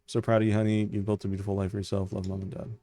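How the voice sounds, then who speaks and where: A male streamer reading video game messages and journal entries aloud in a deadpan, flat delivery. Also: lowish voice, racing.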